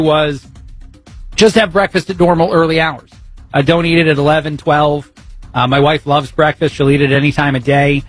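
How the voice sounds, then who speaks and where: Through a studio broadcast microphone, a stand-in radio host with a slightly high, somewhat bright voice chats and rambles. He's self-mocking and keeps cracking himself up.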